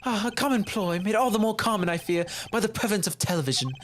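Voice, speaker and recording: A man's voice: high voice, fast, fairly bright tone, a little hiss or hum, voice pushed up. A man voicing a flamboyant, condescending male prosecutor in a fan-dubbed courtroom game, theatrical and over-articulate. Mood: mocking.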